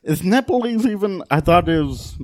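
A man who does stand-up, telling a story in casual podcast chat with a low-key, self-deprecating manner. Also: animated, moderate pace. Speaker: stand-up comedian.

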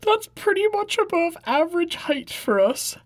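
A woman's voice: very high-pitched, sing-song, normal speed, voice pushed up. A woman voicing a chatty, rambling male leprechaun hitchhiker with a Southern Irish accent, reading a comic monologue. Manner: rambling, laid-back, stumbling over words.

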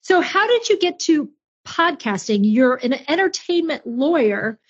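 A woman's voice: high voice, sing-song, unhurried, lo-fi sound. A woman hosting a podcast interview, asking questions in an upbeat, inviting way. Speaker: podcast host.

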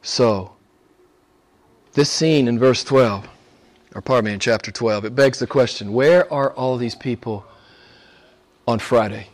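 A middle-aged man, a pastor preaching a sermon, swinging from loud emphatic lines to soft low asides. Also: measured pace, pauses often.

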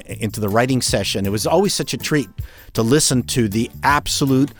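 A man's voice: medium pitch, a little fast, soft background music. Man introducing a comedy sketch. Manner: enthusiastic introduction with restarts. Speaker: comedy writer. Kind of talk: casual chat.

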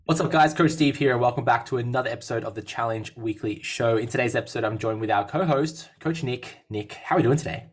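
Guy coach hosting a fitness podcast, husky, keeps restarting words. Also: mid-range voice, fast talker, hardly any pauses. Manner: upbeat, rambling, many restarts and fillers. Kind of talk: casual podcast chat.

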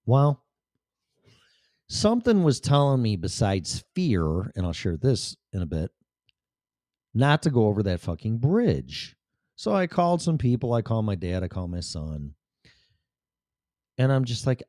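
A man's voice: fairly low pitch, very animated, unhurried, long pauses, dark tone, no echo, studio quality. A man hosting a show, telling a personal story bluntly, full of profanity.

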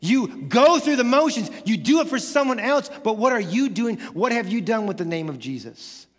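A male pastor preaching a sermon, animated, acting out casual quoted voices and building up to excited shouts. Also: sits high, normal speed, big-room sound. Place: church sanctuary.

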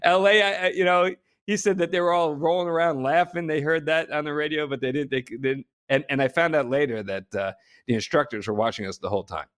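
A man from New Jersey telling a long story as a guest, animated, with frequent restarts and laughter. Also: a little high, quick pace. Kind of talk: casual storytelling.

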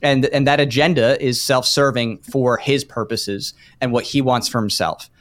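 A man's voice: mid-range voice, fairly even intonation, moderate pace, no room sound. A man guest on a podcast speaking emphatically and critically, with many fillers. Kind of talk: casual podcast debate.

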